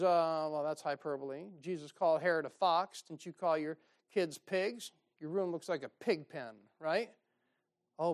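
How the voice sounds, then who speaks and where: Pastor, man, joking sarcastic pulpit delivery. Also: fairly high pitch. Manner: joking, sarcastic preaching with frequent laughs. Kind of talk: sermon.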